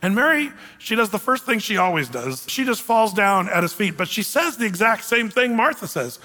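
A man's voice: high voice, very animated, moderate pace, hardly any pauses, pushed and bright, big-room sound. A man preaching a sermon, reading scripture and explaining it with emphatic, folksy asides. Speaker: pastor.

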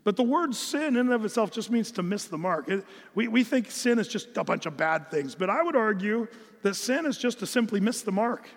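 A man's voice: sits high, sing-song, a little fast, long reverb tail. A man from the United States preaching an earnest, emphatic Bible-teaching sermon, often restarting his phrases. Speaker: pastor.

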